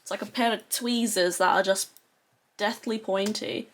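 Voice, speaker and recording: A young adult woman who talks chattily and excitably as a beauty vlogger, with lots of "like" fillers. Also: medium pitch, moderate pace, slight background noise. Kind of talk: casual chatty tutorial.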